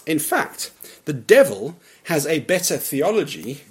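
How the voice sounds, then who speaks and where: A man preaching a sermon in a church, earnest and emphatic, often dropping to a quiet voice at the ends of phrases. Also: fairly high pitch, big pitch swings, a little slow. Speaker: pastor.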